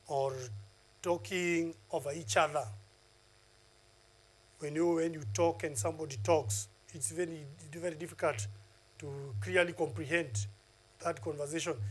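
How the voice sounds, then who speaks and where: A man gives a televised classroom lesson and counts off one numbered point after another. He pauses on filler uhs as he lectures. His speaking voice sits fairly high for a man. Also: breathy edge, low-quality recording. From Kenya. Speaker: teacher.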